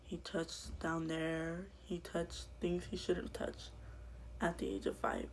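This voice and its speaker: A woman vlogger telling her own life story to camera in a halting, quiet way that often drops to a whisper. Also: low-pitched, slight background noise.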